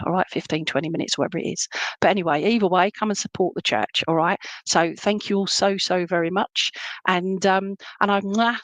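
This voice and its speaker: Lady medium doing readings online, chatty and affectionate, lowish voice, dry sound. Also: no echo. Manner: chatty and affectionate, with frequent endearments. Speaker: spiritualist medium. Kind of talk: clairvoyant readings at an online church service. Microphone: online stream.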